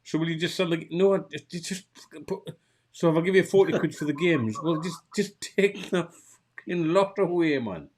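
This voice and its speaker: A man's voice: fairly high pitch, normal speed. A man with a Geordie accent, co-hosting a podcast and grumbling in a casual chat, full of restarts and swearing. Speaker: podcast co-host.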